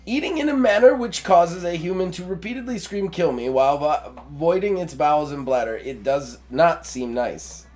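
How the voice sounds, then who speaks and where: A man's voice: a little high, lively intonation, moderate pace, hardly any pauses, a little mellow, soft background music, close to an everyday voice. A man voicing a prim, formal robot in a video game playthrough, speaking in a stiff, overly formal way.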